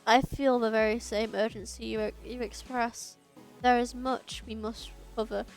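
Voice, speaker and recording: A calm, formal female company official, read aloud by a woman streamer. The lines come quietly and in a measured way, in a high voice. Her manner stays composed and businesslike. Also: soft background music.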